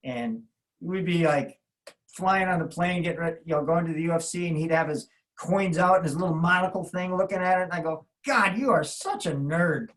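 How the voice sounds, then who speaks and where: A man in his fifties with a fairly high voice sits in as a guest, spinning long, loose stories. He trips over his words, starts over, and slips into other people's voices as he goes. His tone is casual and chatty. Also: fairly even intonation, brisk, low-quality recording. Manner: rambling anecdotes full of restarts, acting out other people's lines. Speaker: martial arts coach, podcast guest. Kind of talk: casual storytelling.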